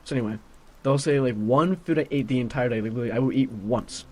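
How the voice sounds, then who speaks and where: A teenage young man vlogs in a solo monologue, rambling casually and grumbling while constantly filling his speech with "like." His mid-range voice moves at a quick pace, with a little hiss or hum in the background.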